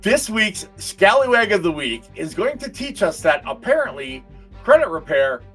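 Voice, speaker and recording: A man hosting a pirate-themed finance talk show, playful and quick to react. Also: sits high, soft background music. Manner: playful, lively, reacts with disbelief. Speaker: host.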